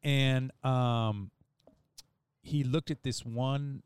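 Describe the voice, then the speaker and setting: A man's voice: medium pitch, fairly even intonation, extremely slow, smooth, dry recording. A man hosting a podcast, telling a long story in casual chat, laid back and rambling, with restarts and swearing. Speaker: podcast host.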